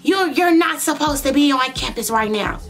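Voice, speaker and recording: A woman's voice: high voice, lively intonation, normal speed, a bit bright, soft background music, voice pushed up. A woman quoting a flustered school official. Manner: flustered and stammering.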